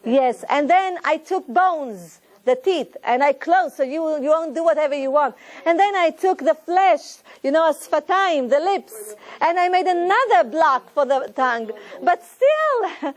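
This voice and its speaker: Earnest high-voiced woman teaching. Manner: earnest, preaching, retells stories with quoted voices. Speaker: Torah teacher. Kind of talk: lesson to a women's group.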